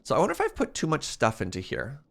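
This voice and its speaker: A man's voice: fairly high pitch, wildly swooping pitch, fast talker, vocal fry, a bit bright. A young adult man thinking aloud in casual commentary while streaming a modded block game. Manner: thinking aloud, rambling and musing.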